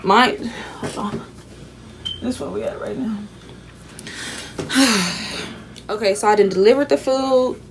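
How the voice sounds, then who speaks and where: A woman's voice: a little high, slow, pauses often, background noise. A young woman, casually telling a swear-filled story in her vlog and acting out the people in it. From Houston, Texas. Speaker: vlogger. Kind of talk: casual storytime while taking down braids.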